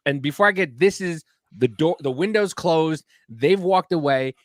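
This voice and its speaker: A man's voice: a little high, normal speed. A man in his forties in a casual podcast chat, telling stories animatedly and acting out scenes. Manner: animated storyteller, acts out scenes.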